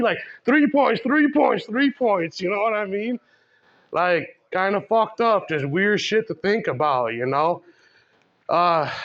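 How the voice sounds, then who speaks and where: A young man with a fairly high voice works through a stand-up set, swearing freely and padding every line with fillers. It sounds like a small comedy room, and the recording is dull and lo-fi. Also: a bit bright. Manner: profane, rambling with constant fillers. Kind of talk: stand-up set at an open mic.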